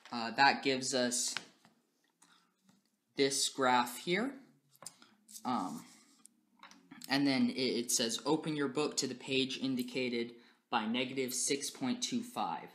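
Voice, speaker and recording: A man's voice: mid-range voice, a bit bright. A young man giving a class presentation as a language student, explaining things step by step in a methodical way with frequent "um" and "uh" fillers. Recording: roomy echo.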